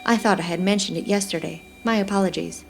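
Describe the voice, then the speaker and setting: A woman voicing a male doctor who talks in a measured, formal, apologetic way. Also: medium pitch, gravelly, soft background music, lightly acted. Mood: calm.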